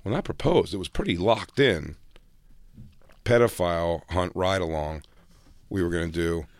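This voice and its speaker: Male comedy co-host, very deep voice, blunt and profane, dry studio sound. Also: animated, no echo. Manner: blunt, profane, quick jokes. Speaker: podcast co-host. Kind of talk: casual comedic chat. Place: radio studio.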